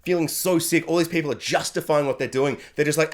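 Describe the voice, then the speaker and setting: A man giving an animated, excited spoken review, often acting out characters' lines. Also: fast, few pauses. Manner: animated, acts out character lines with sudden high yelps. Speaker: anime reviewer.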